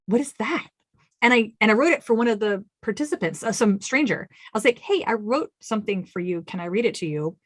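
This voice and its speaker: A woman's voice: medium pitch, no echo. A woman guest on an interview podcast, telling stories with animation and acting out her own quotes. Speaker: author guest.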